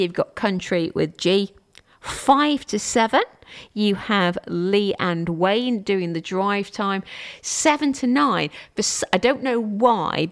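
A woman presenting a local radio show, chatting casually and rambling through self-amused asides. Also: medium pitch.

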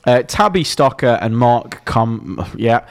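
A man in casual chat, reading a list of names haltingly with fillers. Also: mid-range voice, animated.

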